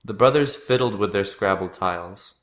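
A man reading his own written personal story aloud in a steady storytelling manner. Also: on the low side, moderate pace.

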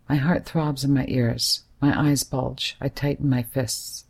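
A woman narrating her own story in the present tense, plain and inward. Her voice has a gravelly, husky grain. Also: extremely low pitch, fairly even intonation, unhurried, few pauses, darkish tone. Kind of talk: first-person audiobook narration.

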